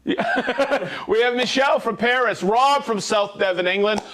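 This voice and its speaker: A man's voice: very high-pitched, unhurried, a bit bright. A man hosting a live stream, reading out viewers' names and hometowns in an upbeat way with whoops. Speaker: livestream host.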